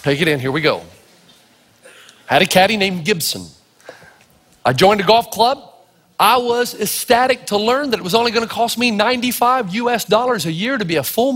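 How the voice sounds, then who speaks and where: In a sermon built around stories, a Tennessee pastor animatedly acts out the dialogue, raising his voice for the parts. His voice sits high and is slightly rough, carried by a long hall reverb.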